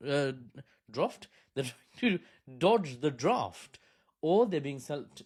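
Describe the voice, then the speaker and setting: A man's voice: medium pitch, a little mellow. A man giving an opinionated commentary monologue as a political commentator, talking conversationally with frequent rhetorical asides.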